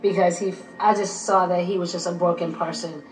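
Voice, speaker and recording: A woman's voice: on the low side, steady tone, a little fast, echoey room, rough recording. A woman, the mother, recounting in earnest during a documentary interview.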